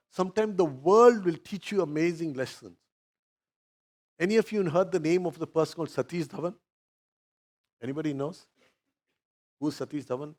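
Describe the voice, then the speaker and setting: Male Indian pastor, sermon storyteller, higher voice with wide, lively pitch swings. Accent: Indian English. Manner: storytelling, addressing the congregation directly.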